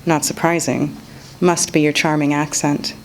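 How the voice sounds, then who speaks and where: A woman's voice: deep voice, little pitch movement, moderate pace, a little hiss or hum, poor audio. A woman voicing a guarded but witty young actress, reading a novel excerpt aloud.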